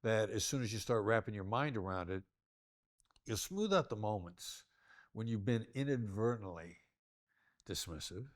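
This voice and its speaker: Older male negotiation expert, low voice, plays with his tone to show each point. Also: no room sound, clean studio sound. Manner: demonstrative, varies tone to illustrate points. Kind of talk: interview conversation.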